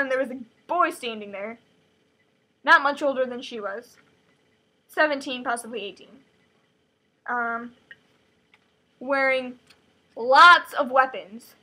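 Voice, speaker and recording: Brief: bright, high-voiced woman, chatty book recap, jokey asides. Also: rough recording. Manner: chatty, joking, lots of fillers like "like". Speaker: host retelling a book chapter.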